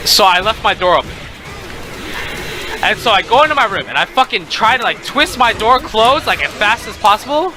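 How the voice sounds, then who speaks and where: A young man telling a casual storytime, animated and profane, with faint music behind him. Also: high-pitched, moderate pace, crowd noise.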